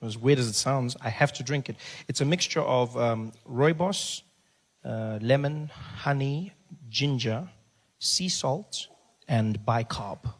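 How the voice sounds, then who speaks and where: A man's voice: mid-range voice, slow pace. A man with a South African accent doing a stand-up comedy set on a club stage, chatting to and teasing the crowd. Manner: chatty, teases the crowd directly.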